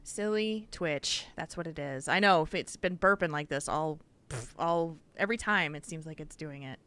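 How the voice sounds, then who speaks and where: A woman's voice: low voice, normal speed, smooth. A woman co-hosting a casual gaming podcast, telling a story with lots of laughter and acted-out quotes. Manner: animated storytelling, laughs often, acts out quotes. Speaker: podcast co-host.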